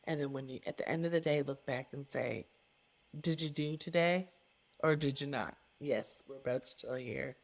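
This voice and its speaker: A woman's voice: a bass voice, moderate pace, gravelly. A middle-aged woman, a coach, speaking as a guest in an interview with an earnest, emphatic manner and repeated phrases for stress. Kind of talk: reflective interview conversation.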